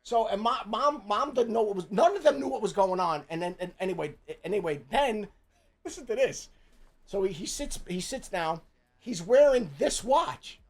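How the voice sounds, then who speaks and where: A man's voice: high voice, expressive, moderate pace. A middle-aged man from Jersey City with a New Jersey accent, telling a profane story in casual chat, full of stammering restarts. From Jersey City, USA. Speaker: streamer host.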